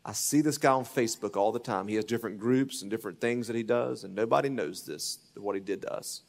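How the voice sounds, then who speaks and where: A man preaching a sermon as pastor, telling a story and acting out the voices in it, swinging from loud to hushed. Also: mid-range voice, long reverb tail. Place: church sanctuary.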